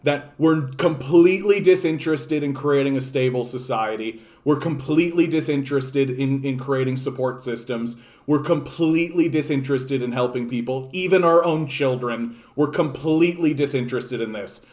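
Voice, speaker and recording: A man from Canada giving an angry, profane political rant, exasperated and sneering. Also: on the high side. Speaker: political commentator.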